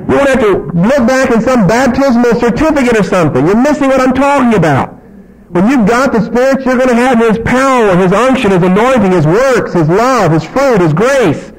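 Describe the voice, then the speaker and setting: A man's voice: very high-pitched, lively intonation, moderate pace, rough recording. A man preaching a sermon, reading scripture aloud and acting out the dialogue with emphasis.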